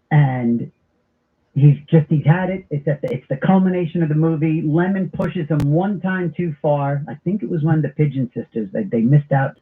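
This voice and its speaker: A middle-aged man hosting a talk radio show, telling stories in an animated, comic way. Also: on the high side. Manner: animated storyteller with comic impressions. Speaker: radio host. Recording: tinny phone-like broadcast audio.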